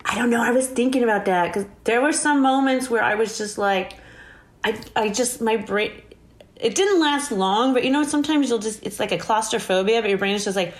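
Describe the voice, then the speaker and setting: Woman telling a story, laughs a lot, animated, acts out the quotes. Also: fairly high pitch, a little fast, a little hiss or hum. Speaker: guest. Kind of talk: casual storytelling interview.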